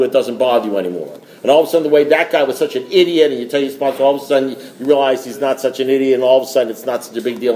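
A man with a mellow, darker voice gives a rambling, joking recovery talk. He circles back and repeats his words. The room sounds echoey, with a faint hiss behind him. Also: medium pitch. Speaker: speaker at a recovery meeting.

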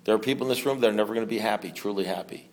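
A man's voice: fairly low pitch, very fast. A man speaking at a recovery meeting, preaching with rhetorical questions and wry humor. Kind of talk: impassioned talk to a meeting. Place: meeting room with an audience.

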